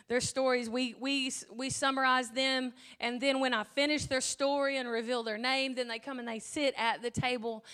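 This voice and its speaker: A woman's voice: sits high, a bit bright. A middle-aged woman from the Southern US with a slight twang, speaking to a church congregation in a chatty way that builds to fervent emphasis. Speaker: church speaker leading a devotion. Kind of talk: informal church devotion.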